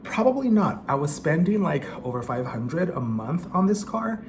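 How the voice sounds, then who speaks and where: This young vlogger's voice sits a little high, swinging widely in pitch at a moderate pace, with background noise behind it. Eating indoors in his home apartment before a front-facing camera, he chats casually for a mukbang vlog, swearing, poking fun at himself, and laughing often. Now and then he's slightly out of breath.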